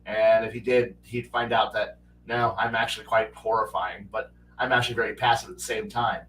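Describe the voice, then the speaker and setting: A man's voice: lowish voice, steady tone, a little fast, a bit bright, a little hiss or hum. A man hosting a livestream who chats casually about strategy games, rambling with many restarts and acting out quotes. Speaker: livestream host. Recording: roomy, with a distant mic.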